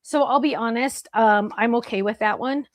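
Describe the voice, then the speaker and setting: A woman's voice: a little high, moderate pace, dry recording, studio quality. A woman hosting a live craft show, talking in a chatty, rambling way full of asides. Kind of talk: casual livestream chat.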